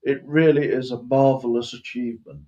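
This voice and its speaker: A man voicing a pompous, posh old English gentleman with a slow, drawling delivery, as a comic improvised impression. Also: medium pitch, steady tone, highs cut off, close to an everyday voice.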